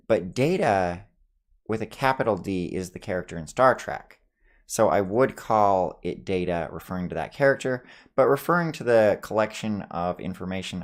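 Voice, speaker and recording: A man in a casual accent tag video, playfully thinking aloud about how he says each word, recorded in a small home studio. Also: on the low side. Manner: playful, musing aloud over his own pronunciations. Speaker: vlogger.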